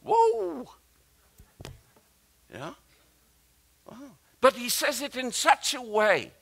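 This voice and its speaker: A man preaching a sermon, emphatic and animated, repeating himself and often restarting phrases as he speaks directly to the congregation. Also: very high voice, gravelly. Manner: animated and emphatic, with frequent repetition and halting restarts; talks directly to the congregation with asides and questions.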